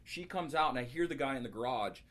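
A man telling his own story as an interview guest, earnest and halting, with frequent restarts. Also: mid-range voice, animated, a bit bright. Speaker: guest, former police officer. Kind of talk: personal storytelling.

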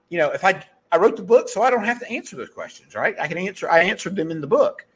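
Animated, slightly husky Southern-accented man. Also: fairly high pitch. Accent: Southern US, softened. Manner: blunt, profane, animated pep talk with self-corrections. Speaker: podcast host. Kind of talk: casual motivational monologue.

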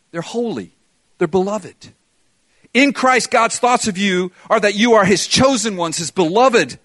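A man's voice: sits high, a bit bright, no room sound. A middle-aged man preaching a sermon, reading scripture aloud with feeling and repeating key phrases. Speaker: pastor.

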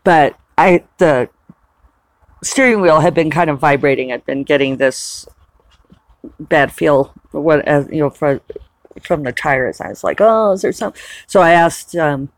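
A woman's voice: deep voice, a little slow, no echo. Chatty woman with a dry, close sound. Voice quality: chatty, rambling, laughs often. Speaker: author and vlogger. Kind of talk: casual chat.

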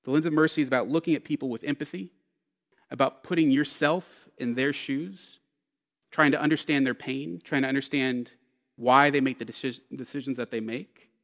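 A man's voice: mid-range voice, normal speed, fairly bright tone, long reverb tail. A man in his thirties preaching a sermon, telling a personal story with self-deprecating humor. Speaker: pastor.

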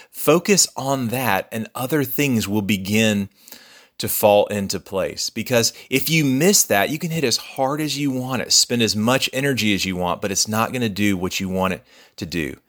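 Male pastor, sermon, earnest, measured delivery, lowish voice. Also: a bit bright. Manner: earnest, measured, repeats key phrases.

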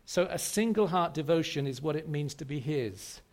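A man's voice: fairly high pitch, animated, normal speed, few pauses, a little mellow. A man preaching a sermon to a congregation, emphatic and repetitive, often asking rhetorical questions. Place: church service.

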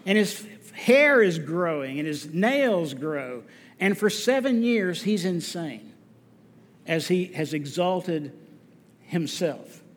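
High-voiced preacher in an echoing hall. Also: male voice, sing-song. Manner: earnest, deliberate, emphatic repetition. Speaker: pastor. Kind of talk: sermon. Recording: long reverb of a church hall.

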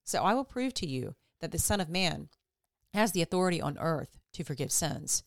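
A woman reading the lines of a calm, authoritative teacher. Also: low voice, moderate pace, vocal fry, no echo, clean studio sound.

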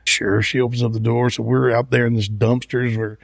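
A middle-aged man with a drawl spins a lively backstage anecdote for a podcast host. He slips into the voices of the people he quotes. His voice is mid-pitched and recorded dry, close to the mic. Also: fairly quick, creaky, dry recording. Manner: animated anecdote-telling, acting out quoted voices. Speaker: songwriter guest. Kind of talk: storytelling in a podcast interview.

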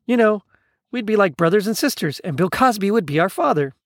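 A man voicing an eccentric, excitable male Muppet who talks earnestly and stammers when cold. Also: high voice, brisk, no room sound, studio quality, pitched above the performer's own voice, exaggerated voice. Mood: excited.

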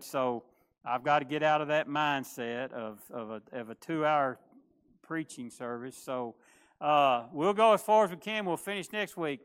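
A man's voice: mid-range voice, fairly bright tone, smooth. A pastor giving a folksy, conversational sermon, often restarting his words.

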